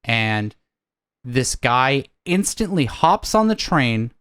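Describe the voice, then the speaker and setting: An American man co-hosts a laid-back podcast at a middle pitch. He tells his stories with energy and acts out his own reactions as he goes. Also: takes it slowly, smooth. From United States. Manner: animated storyteller, acts out reactions. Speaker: co-host. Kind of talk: casual podcast chat. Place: indoors, living in Japan.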